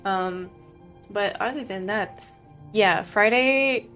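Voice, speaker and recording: A woman's voice: medium pitch, slow pace, fairly bright tone, soft background music. A young woman streaming a game, chatting casually and sleepily with her chat, rambling with many fillers.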